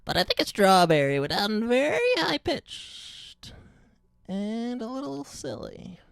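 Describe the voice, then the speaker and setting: A man doing a high-pitched, silly voice for a talking strawberry. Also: big pitch swings, slow pace, creaky, clean tone, no echo, clean studio sound, heavily acted. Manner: squeaky and silly.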